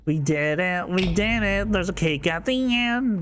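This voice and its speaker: A woman's voice: lowish voice, lively intonation, a little slow, fairly bright tone, faint music behind. A woman gaming content creator commentating a horror game, panicky, shrieking and playful with made-up words.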